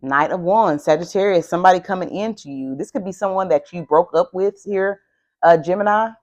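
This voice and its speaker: Excitable woman reading tarot cards. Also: lowish voice, brisk, highs cut off. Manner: excitable, emphatic and heavily profane. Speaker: tarot reader. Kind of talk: casual tarot card reading.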